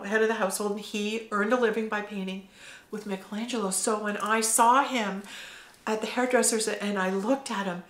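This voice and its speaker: A middle-aged woman speaks at an ordinary pitch in a roomy, echoing space. She tells a personal spiritual story earnestly, pausing often with fillers as she goes. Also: fairly bright tone. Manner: earnest, halting with frequent fillers. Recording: roomy echo.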